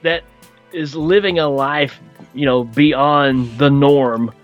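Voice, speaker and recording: A man's voice: mid-range voice, slow pace, muffled recording, soft background music. A man co-hosting a podcast, casually discussing film influences with many fillers. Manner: relaxed, hesitant with fillers, knowledgeable about film. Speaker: podcast co-host.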